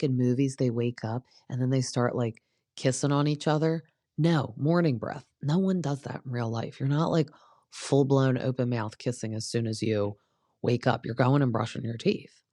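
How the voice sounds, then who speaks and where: A young woman hosts a casual show recapping reality TV, her voice extremely low and dark on a dry recording. She's chatty and opinionated, acting out what people said.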